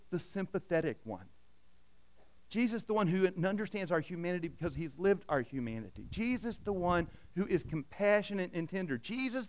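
A middle-aged man preaching with a high, resonant voice. He delivers his sermon dynamically, pressing points loudly and then falling to near-hushed tones. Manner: dynamic preaching, swings from loud emphasis to hushed. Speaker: pastor.

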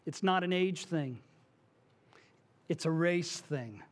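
A man's voice: fairly high pitch, takes it slowly. A male pastor preaching a sermon to his congregation in a church, conversational, with asides and small jokes. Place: church sanctuary.

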